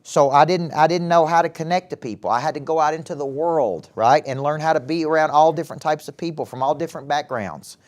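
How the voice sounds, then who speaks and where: A middle-aged man with a Southern US accent giving a live motivational talk to young people, animated and often asking the audience questions. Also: a little high, fast, hardly any pauses. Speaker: motivational speaker and former coach. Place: event hall with a live audience.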